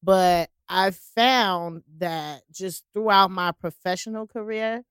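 A woman's voice: mid-range voice, takes it slowly, fairly bright tone, clear, resonant tone, no room sound, clean studio sound. A young woman co-hosting a podcast in casual chat, telling stories frankly and emphatically and quoting herself. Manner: frank, emphatic storyteller who quotes herself. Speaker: podcast co-host.

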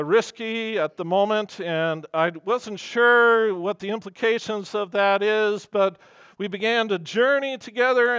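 A man's voice: sits high, a bit bright, clean tone, dry recording, highs cut off. A man preaching a sermon as pastor, earnest and emphatic, weaving in personal stories.

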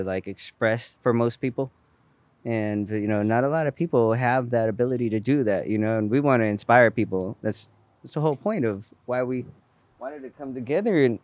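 A man's voice: mid-range voice, darkish tone, no room sound. A man co-hosting a podcast, speaking in an earnest, supportive way. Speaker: podcast co-host. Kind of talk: podcast conversation.

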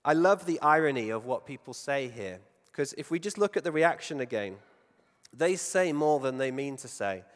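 A man preaching in an easy, conversational way, his voice sitting at an ordinary middle pitch. He keeps turning questions back to the congregation and lets his voice fall to a near hush on the points he wants to land. A long reverb trails each phrase, as in a large church hall. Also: animated, moderate pace. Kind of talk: sermon.

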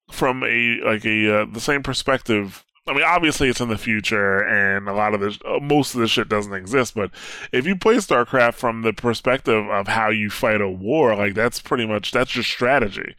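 A man chatting casually about video games on a podcast, animated and laughing often, with casual swearing. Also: mid-range voice, no room sound, studio quality. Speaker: podcast co-host. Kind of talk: casual gaming chat.

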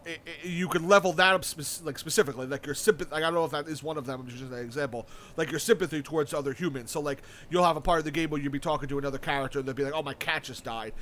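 A young man with a somewhat high-pitched voice talks in a loose, rambling way. He piles on "like" and starts sentences over and over. He swears casually and stays eager throughout. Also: steady tone, racing, few pauses, a bit bright. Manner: rambling, filler-heavy, with frequent restarts and casual swearing; enthusiastic about a video game. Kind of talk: casual chat.

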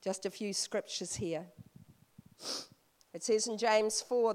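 A woman preaching as a visiting speaker, telling a personal story in a slow, heartfelt way. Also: mid-range voice, darkish tone. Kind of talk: sermon.

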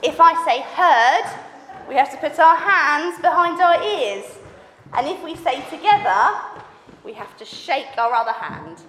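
A woman leading a children's session, teaching hand signs and reading a story to the kids in an animated, teacherly way. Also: sits high, measured pace. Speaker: children's ministry leader. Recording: echoey hall with faint background noise.

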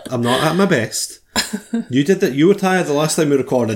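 A man's voice: on the high side, lively intonation, fairly quick, a little hiss or hum. Tired, teasing male podcast co-host. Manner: dry, teasing banter. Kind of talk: casual comedic chat.

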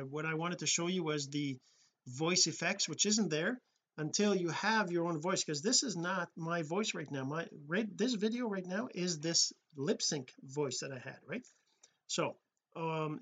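Husky, bright-voiced man explaining casually. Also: a little high, moderate pace. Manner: rambling, self-correcting, many fillers. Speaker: tutorial host. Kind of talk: casual screen-recorded tutorial. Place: home desk setup with computer.

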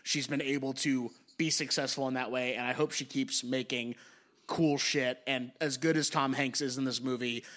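A man's voice: medium pitch, steady tone, moderate pace, a bit bright. A young man co-hosting a casual film podcast, enthusiastic and swearing freely as he ranks his favorite movies. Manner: enthusiastic, swears freely, draws out key phrases. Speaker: podcast co-host.

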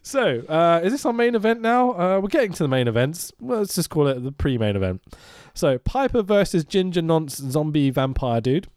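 A man's voice: a little high, sing-song, normal speed, hardly any pauses, darkish tone, dry recording, clean studio sound. A man casually recapping a film with a friend, laughing often and swearing as he goes. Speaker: podcast co-host. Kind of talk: casual movie review chat.

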